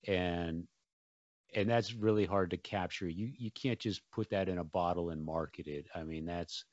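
A man's voice: deep voice, dry recording, dull audio. A man chatting casually, telling a rambling story full of fillers and restarts. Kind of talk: casual conversation.

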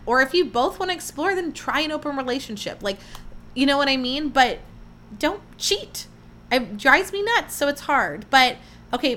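A woman's voice: fairly high pitch, slight background noise. Chatty young woman podcast host. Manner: chatty, animated, lots of fillers. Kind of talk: casual chat.

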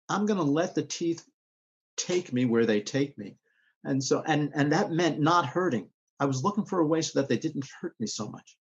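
A man being interviewed as an actor guest, talking in a rambling, halting way with many restarts. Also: on the high side, highs cut off, slight background noise. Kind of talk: podcast interview.

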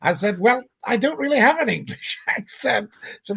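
A man's voice: very high-pitched, lively intonation, measured pace, vocal fry, long pauses, sharp tone, breathy edge. An older man from Scotland, a guest on a podcast, telling comic stories with a theatrical, jokey manner. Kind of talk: comic storytelling chat.

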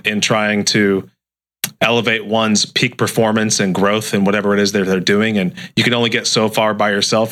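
A man's voice: on the low side, fairly bright tone. A man hosting a podcast interview, enthusiastic and casual, often repeating words. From United States. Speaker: podcast host.

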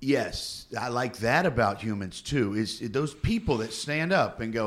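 A man co-hosting a casual chat, rambling and animated as he tells stories and laughs. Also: mid-range voice, a little slow, hardly any pauses.

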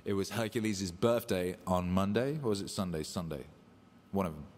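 A man hosting a casual livestream, hyped and loose, swearing and shouting out viewers. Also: low voice, moderate pace. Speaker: livestream host. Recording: echoey room with long reverb.

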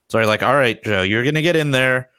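A man's voice: medium pitch, fast, pushed and bright, smooth, no echo, studio quality. A man co-hosting a casual talk show, blunt and profane, rambling. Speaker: podcast co-host. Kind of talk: casual chat.

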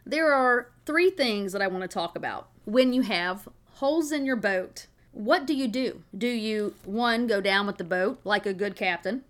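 A woman's voice: mid-range voice, animated, moderate pace, few pauses. A woman from Tennessee talks straight to her listeners in a motivational podcast. Her delivery is upbeat and folksy, full of homespun stories and rhetorical questions. She has the easy voice of a mother and a regular show host. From Tennessee, USA. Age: adult with children.

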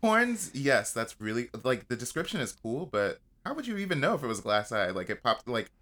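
A man's voice: mid-range voice, big pitch swings, fairly quick, pushed and bright. A young man joining a podcast as a guest, reacting with playful jokes in casual chat.

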